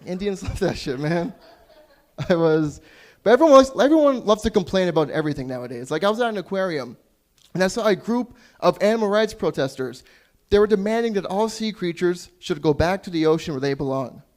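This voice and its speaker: A young man from Canada does stand-up at an open mic in a small club, with a high voice. His delivery is crude and self-deprecating, and he stumbles over and restarts his own jokes. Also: lively intonation, fairly quick, darkish tone. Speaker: stand-up comedian. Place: small comedy club stage.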